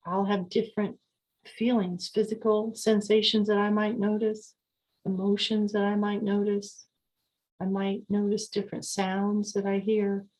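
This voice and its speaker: A woman hosting a podcast, talking calmly and repetitively as she coaches listeners on slowing down and mindfulness. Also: medium pitch, low-quality recording. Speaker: podcast host. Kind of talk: calm podcast talk on sleep and mindfulness.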